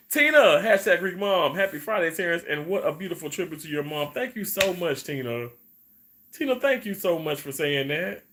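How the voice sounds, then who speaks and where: A man's voice: fairly high pitch, expressive, normal speed, a bit bright. A man, hosting a live stream in casual, rambling chat, repeating his words and reading viewer comments.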